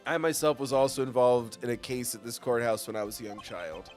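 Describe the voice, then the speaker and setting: A man reading aloud as a solemn young male prosecutor, in a low, measured, grave way. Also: faint music behind, close to an everyday voice. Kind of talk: reading game dialogue aloud.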